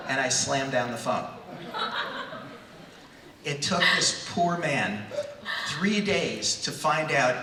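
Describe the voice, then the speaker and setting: A man in his sixties, a guest on a convention panel, telling a story in an animated way and acting out voices. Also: mid-range voice, slow pace, pauses often. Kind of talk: stage anecdote at a fan convention. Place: large convention hall. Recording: echoey hall, far from mic.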